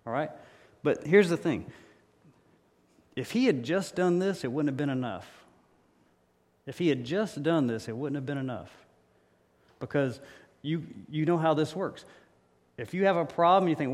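A pastor delivering a sermon in a church, emphatic and repetitive, with humorous stories. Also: male voice, a little high, normal speed, pauses often, darkish tone. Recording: reverberant hall.

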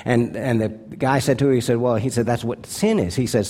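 A male pastor preaching a sermon, earnest and deliberate, slowing down to stress key words and dropping to a hushed tone for his appeals. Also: medium pitch, breathy edge.

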